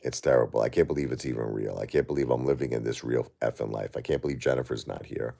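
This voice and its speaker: A middle-aged man live-streaming while grieving, talking to his chat in halting, repetitive, emotional bursts. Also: rumbling low, creaky, dark tone.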